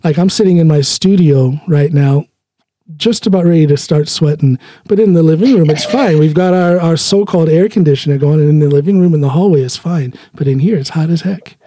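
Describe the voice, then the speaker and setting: Middle-aged guy hosting a chatty podcast, laughs a lot, kinda high but mellow voice, dead dry room. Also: fairly quick. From United States. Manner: relaxed, laughs often, frequent restarts. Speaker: podcast host. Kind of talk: casual conversation. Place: home studio.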